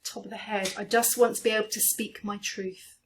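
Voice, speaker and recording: A woman coaching a guided EFT tapping session, speaking slowly and gently as she names each tapping point. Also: medium pitch, level tone. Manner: slow, gentle, soothing guidance.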